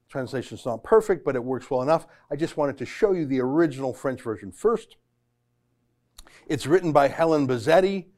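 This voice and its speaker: A man's voice: on the high side, darkish tone. A middle-aged man hosting a political commentary podcast, combative, sarcastic and emphatic. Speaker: host.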